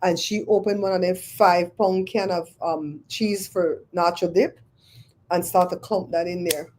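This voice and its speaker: A woman, hosting a livestream and chatting with viewers, telling stories in an animated, exclaiming way. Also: on the low side, unhurried, slight background noise. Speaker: livestream host. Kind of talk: casual chat with live viewers.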